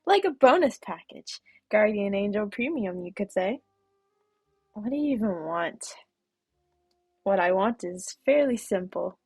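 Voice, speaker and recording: A boastful, breezy male guardian angel with old-man energy, as a woman voices him. The voice is gravelly and husky, recorded dry and close. A quiet bed of music runs underneath. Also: mid-range voice, animated, unhurried, long pauses, no room sound. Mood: wheedling. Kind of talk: reading game dialogue aloud.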